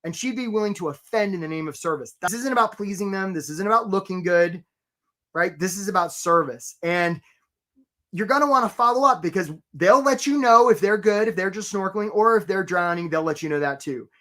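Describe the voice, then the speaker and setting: A man's voice: high voice, brisk, bright, forceful tone. A middle-aged man coaching job seekers in a live webinar, chatty and upbeat, greeting viewers by name. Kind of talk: energetic live webinar presentation.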